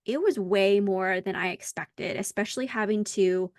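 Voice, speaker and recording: An American woman hosting a casual podcast conversation, telling stories in a lively way and acting out the dialogue. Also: mid-range voice, normal speed, no echo, clean studio sound. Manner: animated storyteller who acts out dialogue. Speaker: podcast host.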